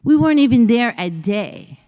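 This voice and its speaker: This woman's voice sits a little high and warm, swinging widely in pitch at a moderate pace. As a motivational speaker delivering a storytelling keynote on a large hall's conference stage, she shares a personal story and voices the dialogue in changing tones. The hall adds a long reverb.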